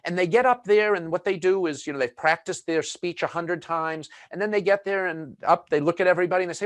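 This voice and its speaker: A man's voice: high-pitched, quick pace, few pauses, no echo. A man presenting a webinar in a chatty, conversational way, full of fillers and asides.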